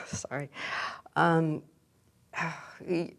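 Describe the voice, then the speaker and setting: A woman's voice: on the low side, lively intonation, a little slow. A woman taking part as a client in a tapping session. She is hesitant and self-deprecating and laughs easily. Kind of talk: therapy session dialogue.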